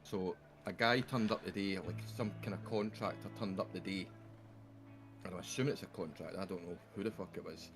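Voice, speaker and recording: Over music, a low-voiced Scottish man chats casually with friends on a voice call as he streams a game. His tone stays steady and his pace fairly quick while he rambles through a story full of swearing, picked up by a desktop voice-chat mic.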